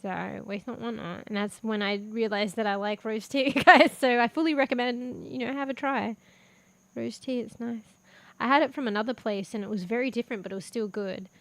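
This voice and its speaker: A woman's voice: fairly high pitch, steady tone, a little fast, gravelly, no echo. A young woman streaming as a VTuber, chatting casually while eating, swearing freely and laughing often. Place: home room with a fan.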